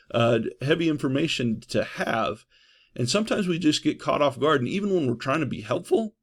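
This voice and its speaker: A man giving a trauma-response training lecture in a conversational way, often checking in with "right?" and pausing on "uh". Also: mid-range voice, vocal fry. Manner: conversational, frequent "right?" and "uh" fillers.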